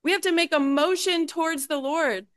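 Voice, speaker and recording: A woman's voice: very high-pitched, moderate pace, no room sound. A woman sharing casually at a church meeting, conversational and full of fillers. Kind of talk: casual testimony.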